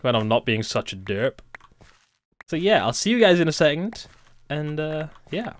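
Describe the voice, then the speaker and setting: A man's voice: on the high side, very animated, moderate pace. Rambling young man narrating his gameplay. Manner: rambling, thinks aloud and talks to himself while building. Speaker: let's play host. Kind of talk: casual gameplay commentary.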